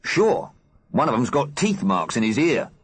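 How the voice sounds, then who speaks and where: A man voicing Big Mac, a fierce skinhead teenage boy who shouts and boasts in a husky, high-pushed voice. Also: sing-song, measured pace. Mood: defiant. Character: mad skinhead teen skeleton boy, fierce.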